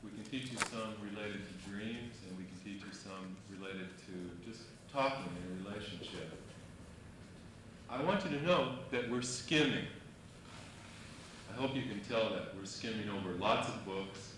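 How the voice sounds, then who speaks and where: A man co-teaching a lecture, explaining calmly, on an old reel-to-reel tape. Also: fairly low pitch. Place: lecture hall. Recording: old lecture tape, distant mic in very echoey hall, faint hiss.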